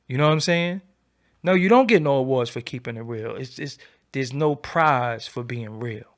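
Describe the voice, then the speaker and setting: A man hosting a livestream, ranting in a profane, animated, preaching way and repeating his phrases, swinging from low mutters to loud outbursts. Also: normal speed. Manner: swoops between low mutter and loud high bursts. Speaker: livestream host. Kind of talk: unscripted livestream rant.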